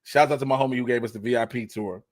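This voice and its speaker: A man co-hosting a comedy podcast, loudly and playfully teasing his co-host. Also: mid-range voice, racing. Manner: teasing, loud, playful ribbing. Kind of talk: casual comedic chat.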